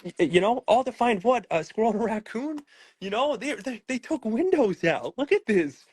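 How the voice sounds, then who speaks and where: A man's voice: high-pitched, big pitch swings, normal speed. A man, talking through his house in an emotional interview, upset and close to tears, repeating words, restarting sentences and swearing. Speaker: pet owner interviewed about a raid.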